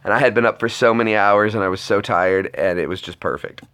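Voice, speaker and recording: A man's voice: fairly low pitch, fairly even intonation, quick pace, fairly bright tone, clean tone. A man chatting casually to viewers on a live stream, rambling with lots of restarts.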